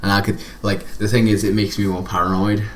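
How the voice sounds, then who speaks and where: A man's voice: lowish voice, flat delivery, fairly quick, a little hiss or hum. A man co-hosting a casual chat, easygoing and joking in his reactions. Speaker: co-host.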